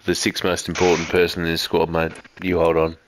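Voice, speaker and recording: A man's voice: sits low, monotone, fairly quick. A man, chatting and swearing while playing a war game as the team medic. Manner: joking, swearing, banters with teammates. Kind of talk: casual gaming chat. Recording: gunfire noise behind. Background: loud in-game gunfire and explosions.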